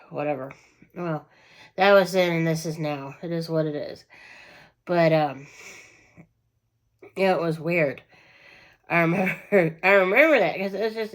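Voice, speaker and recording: Rambling woman, low-pitched. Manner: rambling and digressive, many fillers and self-corrections; chatty, with frequent small laughs. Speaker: vlogger. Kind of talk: casual personal storytelling.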